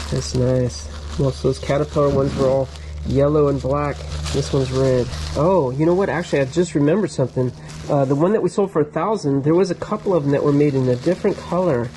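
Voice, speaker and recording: Excited man showing storage locker finds. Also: fairly high pitch, slight background noise, low-quality recording. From United States. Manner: enthusiastic, thinks aloud, drops into whispers. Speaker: storage locker reseller and channel host. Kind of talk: casual vlog, excited show-and-tell of finds. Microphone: GoPro camera.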